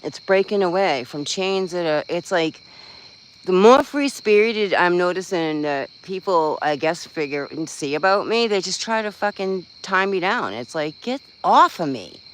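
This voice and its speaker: Man, slightly high voice, casual livestream talk, blunt, swearing, rambling, faint crickets behind. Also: animated, moderate pace, a bit bright, a little hiss or hum, poor audio. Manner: venting, blunt, swears freely, rambling with fillers. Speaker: livestream host. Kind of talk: casual live-stream chat.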